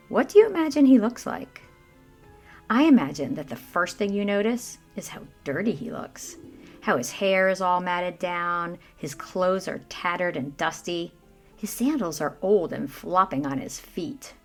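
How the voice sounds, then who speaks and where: Lively woman reading a children's story. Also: lowish voice, measured pace, soft background music. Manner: lively, addresses listener as you. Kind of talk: scripted narration for children.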